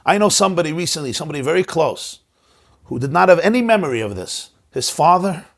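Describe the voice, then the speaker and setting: A man with a creaky voice talks at a quick pace, his pitch swinging widely. He's a rabbi hosting a conversational discussion, speaking emphatically and often repeating words as he searches for them, shifting between soft, low asides and rising, stressed words.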